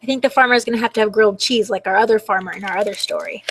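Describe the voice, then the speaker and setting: A woman as a children's librarian, reading picture books aloud at a library storytime in an animated sing-song way and asking the children questions. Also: mid-range voice, very fast, a little hiss or hum.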